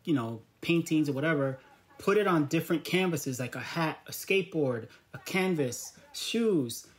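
A man's voice: on the high side, normal speed. Man telling a story on a video call. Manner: lively storyteller who acts out quoted dialogue. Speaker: guest, artist and educator. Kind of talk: casual interview storytelling.

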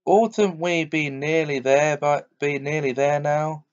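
A man reading aloud voices a brisk, curious young girl who asks eager questions. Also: on the high side, steady tone, clear, resonant tone. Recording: dull lo-fi recording.

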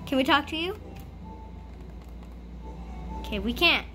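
A woman playing a school role-play game, talking excitedly through it and bursting into shrieks and giggles. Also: high-pitched, a little slow, faint music behind. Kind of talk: playful gameplay commentary.

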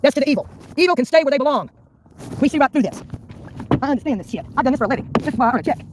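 A woman preaches and rants at breakneck speed, throwing out scripture and scolding. Her phone livestream picks up steady background noise around her. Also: sits high, very fast. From Mississippi, US. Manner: preachy, combative, scripture-quoting. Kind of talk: ranting livestream talk. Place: hospital entrance, then a vehicle.

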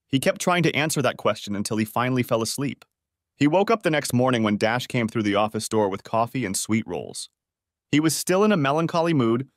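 A man narrating a revenge audiobook in an expressive storytelling voice. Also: medium pitch, no echo, clean studio sound.

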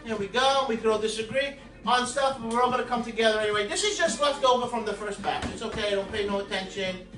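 A very high-pitched, slightly bright voice races along with hardly any pauses as this man hosts a casual home cooking video, rambling and making crude jokes at viewers. The distant camera mic picks him up in an echoey kitchen with faint music playing.

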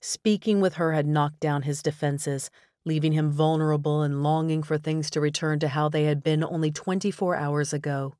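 Low, dry female audiobook narrator. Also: no echo. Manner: even, measured storytelling. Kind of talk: scripted narration.

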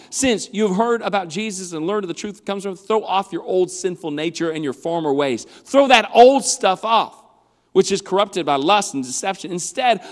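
Male youth pastor, high-pitched, animated preacher; sanctuary reverb. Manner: animated preaching, swings from loud to hushed. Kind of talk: youth sermon. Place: church hall. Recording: long hall reverb.

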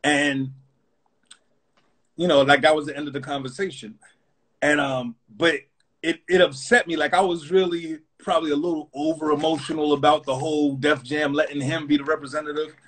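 A man's voice: fairly high pitch, steady tone, moderate pace, fairly bright tone. A man, a rapper and interview guest, telling a story in a loose, rambling, casual way, full of fillers. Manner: loose and rambling, full of fillers like "you know what I'm saying".

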